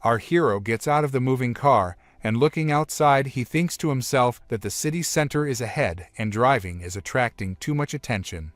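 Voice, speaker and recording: A man reads a comic recap in a plain, steady delivery, chaining events together one after another. His voice sits at an ordinary middle pitch. The recording is close and dry, with no room sound. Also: moderate pace, few pauses, no room sound. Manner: plain retelling strung together with "and then". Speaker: recap narrator.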